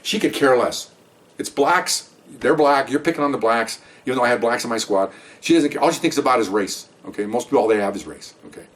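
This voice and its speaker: Rambling fast-talking veteran cop storyteller. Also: male voice, mid-range voice. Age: older. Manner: rambling, animated retelling with acted-out quotes. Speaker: retired police officer telling a story. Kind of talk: casual storytelling. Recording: voice a bit far from the mic.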